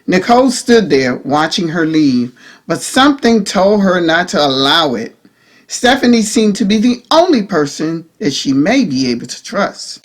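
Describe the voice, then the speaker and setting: A woman narrating an audiobook in a measured, expressive reading style. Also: on the low side.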